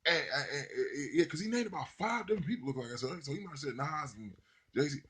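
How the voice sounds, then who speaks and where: A man giving a casual, rambling, profane monologue, voice jumping high when he mimics other people. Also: expressive, quick pace, a bit bright, husky. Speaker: podcaster.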